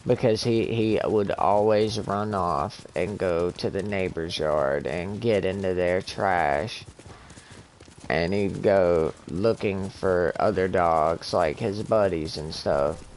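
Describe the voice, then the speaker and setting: A young man streaming a game, telling a painful personal story in a halting, emotional way with many restarts. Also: low voice, a little mellow, a little hiss or hum. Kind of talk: casual storytelling.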